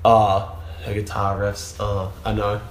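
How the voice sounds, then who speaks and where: Low-voiced man gushing in a roomy space. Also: monotone, slow. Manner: gushing, enthusiastic, full of "like" fillers. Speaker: podcast co-host. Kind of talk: casual chat. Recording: roomy echo.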